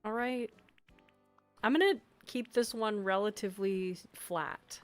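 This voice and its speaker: A woman's voice: medium pitch, takes it slowly. A woman live-streaming as she works on game designs, chatting casually with her chat, reading messages aloud and laughing often. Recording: faint background music.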